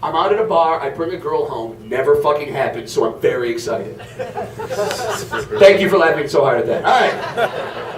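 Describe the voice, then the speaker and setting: A man's voice: a little high, big pitch swings, moderate pace, pauses often, echoey room, far from the mic. A man doing a stand-up comedy set, telling stories in a brash, profane way. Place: comedy club stage.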